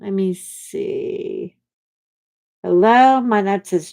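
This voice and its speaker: A middle-aged woman chatting on her own livestream, telling stories in an animated way and shrieking when she quotes herself. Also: a little high, slow pace. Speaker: livestream host. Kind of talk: casual chat to live viewers.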